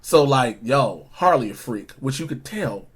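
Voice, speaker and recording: A man's voice: mid-range voice, lively intonation, unhurried, husky. A man co-hosting a show, talking in a casual, jokey and profane way. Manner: loud, playful, jokey and profane. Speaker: co-host of a TV episode review show. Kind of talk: casual chat.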